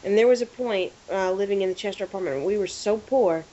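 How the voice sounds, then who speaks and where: A woman co-hosting a podcast in casual chat, an animated storyteller who acts out what people said. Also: medium pitch, fairly quick. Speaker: podcast co-host. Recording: lo-fi with faint hiss.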